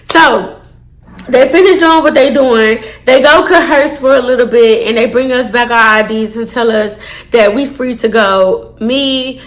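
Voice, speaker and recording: Texan girl with a high voice doing a storytime vlog, swears a ton, super animated, talks to y'all. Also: a little slow. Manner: animated, swears a lot, addresses viewers as y'all. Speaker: storytime vlogger. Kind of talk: casual storytime.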